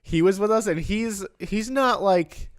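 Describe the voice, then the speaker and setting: A chatty young man co-hosts a casual podcast and fills his sentences with "like." His voice sits somewhat high for a man. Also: measured pace, smooth. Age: young adult. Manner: chatty, lots of "like" fillers. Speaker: podcast co-host. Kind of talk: casual chat.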